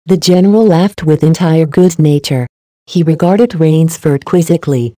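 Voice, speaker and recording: A woman narrating a story in a steady, measured reading. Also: low-pitched, no room sound. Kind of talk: scripted narration.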